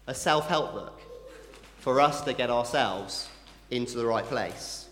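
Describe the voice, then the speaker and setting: A man giving a family Christmas sermon, animated and playful, talking to children with quick asides. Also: medium pitch. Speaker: preacher. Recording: echoey hall with long reverb.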